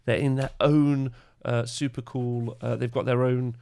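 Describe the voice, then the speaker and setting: Gravelly man hosting a podcast. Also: mid-range voice, level tone, unhurried, darkish tone. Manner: rambling, lots of filler uhs and laughs. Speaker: podcast host. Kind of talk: casual podcast chat. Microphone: podcast microphone.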